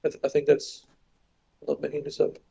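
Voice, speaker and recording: A man with a French accent talks through a live board game match, loose and unhurried, often restarting his sentences. His voice is dark and gravelly with a flat, even pitch, and the recording sounds a little dull and lo-fi. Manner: relaxed, thinks aloud with restarts. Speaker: co-commentator.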